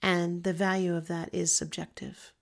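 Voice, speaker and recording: A woman reading an informational text in a scripted, even, list-like way. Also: on the low side, normal speed, creaky.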